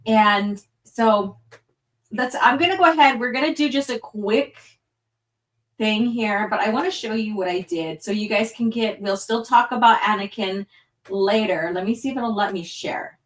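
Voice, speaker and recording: A woman's voice: medium pitch, moderate pace. Rambling woman host, distant mic. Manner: rambling, apologetic, many fillers. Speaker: livestream host. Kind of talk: casual livestream chat. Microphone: phone hotspot stream.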